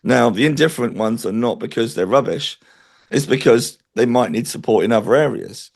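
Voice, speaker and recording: A man's voice: medium pitch, expressive, fairly quick, gravelly. A man interviewed as a spiritual medium, talking in an earnest, chatty way and telling stories. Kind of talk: interview conversation.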